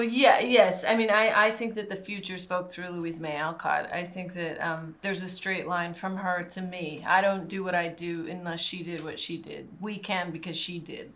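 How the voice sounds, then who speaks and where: A woman's voice: lowish voice, fairly bright tone. A woman film director in a press interview, speaking earnestly and articulately about her work.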